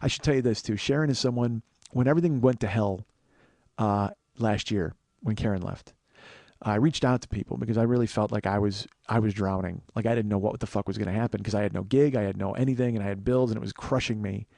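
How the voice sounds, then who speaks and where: A man's voice: lowish voice, fairly even intonation, gravelly, darkish tone, no room sound. A man in his forties hosting a podcast, telling a long profane story in a monologue. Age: 40s. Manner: profane, fast-building storyteller. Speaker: podcast host.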